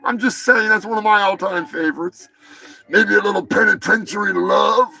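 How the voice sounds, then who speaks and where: High gravelly dude ranting on his live stream, swears a ton, music going in the back. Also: normal speed, low-quality recording. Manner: profane, rambling, jokey, shouts greetings to chatters. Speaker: live show host. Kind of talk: crude casual livestream banter. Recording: music playing behind the voice.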